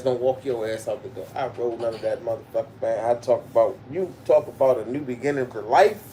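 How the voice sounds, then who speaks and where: A man telling profane school stories on a livestream, swearing freely and breaking into loud laughter. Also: medium pitch, brisk, hardly any pauses. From Baltimore, Maryland. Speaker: livestream host. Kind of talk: profane storytelling monologue. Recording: distant mic with background noise.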